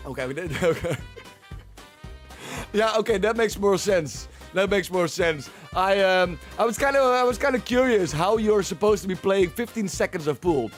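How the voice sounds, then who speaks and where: A man's voice: high voice, animated, moderate pace, faint music behind. A man hosting a livestream, chatting casually and rambling, often repeating himself as he talks to his chat. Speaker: livestream host. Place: at home, streaming.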